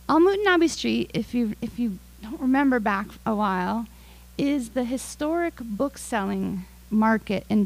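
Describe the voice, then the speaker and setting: An American woman poet reads her work aloud, taking her time and dwelling on each word. Her voice sits a little high and carries a gravelly rasp. She speaks very slowly and deliberately. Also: darkish tone, poor audio. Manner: slow, deliberate, lingering on words. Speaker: featured poet. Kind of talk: poetry reading with spoken introduction.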